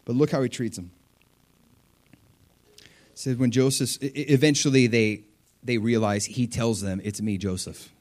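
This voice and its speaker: A man preaching a sermon, retelling a scripture story with animated, acted-out dialogue. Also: mid-range voice, normal speed, pauses often. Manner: animated storytelling, acting out voices. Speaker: pastor.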